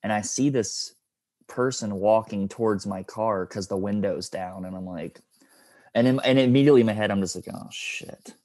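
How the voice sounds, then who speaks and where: A man's voice: fairly low pitch, moderate pace, a little mellow, no room sound. A man hosting a podcast, chatting casually and telling a loose, easygoing story. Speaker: podcast host.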